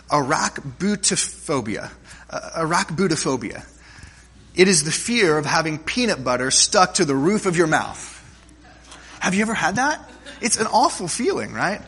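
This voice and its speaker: A pastor with a somewhat high, husky voice preaches in a church. He talks casually and tells funny stories, often asking his listeners "right?" and starting phrases over as he goes. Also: a bit bright. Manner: conversational, checks in with listeners with "right?"; humorous stories, frequent restarts. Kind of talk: sermon.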